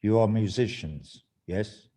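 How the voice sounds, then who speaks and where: A beaten man speaks plainly and earnestly, asking for help and solidarity, as an older Englishman reads his lines. His voice is low and mellow, a touch louder than the narration. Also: slow pace.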